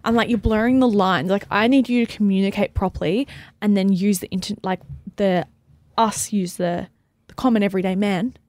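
A woman co-hosting a podcast in casual chat. She talks in an easygoing way, full of fillers and quick asides. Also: medium pitch, fairly even intonation, a little mellow, no room sound. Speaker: podcast co-host.

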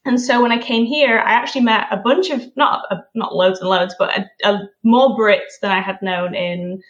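A woman's voice: medium pitch, moderate pace, a bit bright. A young woman from Yorkshire with a slightly transatlantic Yorkshire accent, a friendly, rambling podcast guest full of fillers, heard over a call. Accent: Yorkshire English with a transatlantic tinge. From Yorkshire, England. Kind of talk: casual chat. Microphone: remote call. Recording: dull lo-fi call audio.

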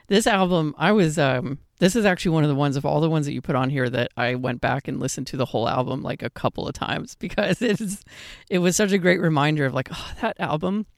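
A man's voice: medium pitch, gravelly, dry recording, clean studio sound. A man co-hosting a podcast, chatting casually about music, giggly and enthusiastic. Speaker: podcast co-host.

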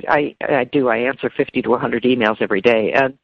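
A woman speaking as an interview guest, emotional and halting, often repeating words. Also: rumbling low, slightly rough, no echo. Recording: dull lo-fi dry sound.

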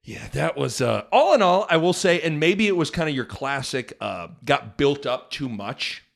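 A man's voice: medium pitch, big pitch swings, moderate pace, vocal fry. Podcast guy rambling, emphatic, voice jumps all over. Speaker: podcast co-host. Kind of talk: casual chat.

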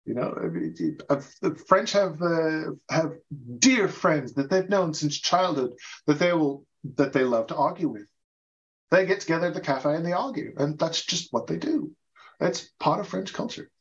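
An animated American podcast host with a fairly high, gravelly voice talks travel tips at normal speed, the recording's highs cut off. Chatty and quick to laugh, he repeats words and restarts often.

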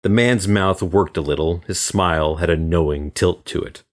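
A man from Florida reading a crime story as guest narrator in measured, even storytelling. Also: low-pitched. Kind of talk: scripted audiobook narration.

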